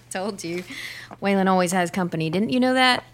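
A woman's voice: medium pitch, normal speed, natural voice. An actress playing a playful young woman who teases her friend. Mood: teasing. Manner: teasing, playful.

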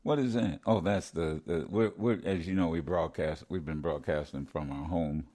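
An older man co-hosting a talk show from his home studio, commenting casually with frequent restarts as his thoughts run ahead of his words. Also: low-pitched. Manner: animated, restarts often, quickens when excited. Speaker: radio show co-host.

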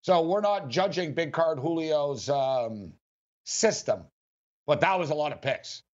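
A man's voice: on the high side, lively intonation, a little slow, a little mellow. A man hosting a sports betting talk show, telling a rambling story between laughs. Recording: dull lo-fi sound.

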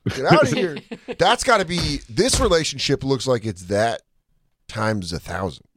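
A man co-hosting a casual podcast chat, telling stories with lots of laughter and quick put-on voices. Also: medium pitch, husky, no echo. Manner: animated storytelling with impressions and laughter. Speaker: podcast co-host.

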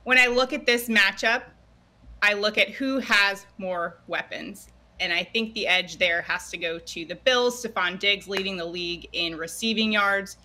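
A woman's voice: medium pitch, moderate pace, pushed and bright. A woman football analyst on a sports radio show, giving confident, emphatic breakdowns. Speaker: NFL analyst guest.

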